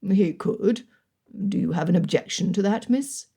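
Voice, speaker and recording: A woman's voice: mid-range voice, measured pace, dark tone, husky. A woman voicing a courteous middle-aged army general who speaks formally. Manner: formal, clipped.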